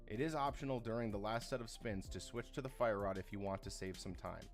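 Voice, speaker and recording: A man reading scripted narration for a video game speedrun guide in a steady, instructional manner. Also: lowish voice, brisk, soft background music.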